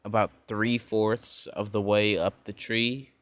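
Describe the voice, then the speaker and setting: A young man casually spinning a fan-made what-if story. His voice sits low and his pace is slow and drawn out. He rambles, leans on fillers, and corrects himself as he goes. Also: flat delivery, fairly bright tone, clear, resonant tone, no echo.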